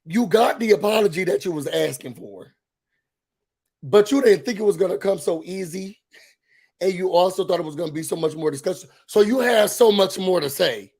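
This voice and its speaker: Gossipy man with a high voice. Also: moderate pace, breathy edge. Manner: animated, gossipy, talks straight to viewers. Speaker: reality show recap host. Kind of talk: casual reality TV recap commentary.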